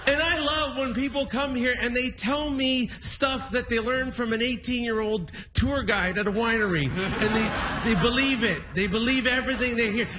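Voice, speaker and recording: High-voiced excited stand-up man. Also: normal speed, hardly any pauses. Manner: excited, shouting to the crowd. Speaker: stand-up comedian. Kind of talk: stand-up set. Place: comedy festival stage. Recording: roomy live stage recording with crowd noise.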